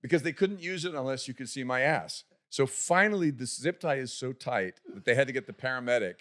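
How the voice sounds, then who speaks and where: A man's voice: mid-range voice, animated, fairly quick, a bit bright. A man on a podcast telling a comic anecdote, restarting and repeating words often and acting out the voices in his story. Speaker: podcast guest. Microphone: podcast studio microphone.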